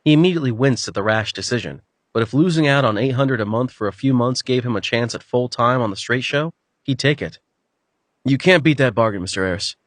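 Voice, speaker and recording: A man narrating an audiobook with an even, storytelling delivery. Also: medium pitch, fairly quick, no room sound. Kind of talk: scripted narration.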